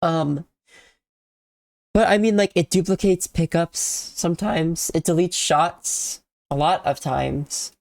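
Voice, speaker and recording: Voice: medium pitch, slow pace, creaky, darkish tone, no echo. A sick, congested and tired streamer giving casual, rambling commentary on a video game, often trailing off and restarting sentences.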